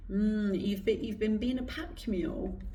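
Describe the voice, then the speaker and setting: A woman giving an intuitive card reading in a slow, soft, reflective way with pauses, her throat going hoarse, recorded indoors. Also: mid-range voice, a little hiss or hum. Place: indoor room with incense burning. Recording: roomy, distant mic.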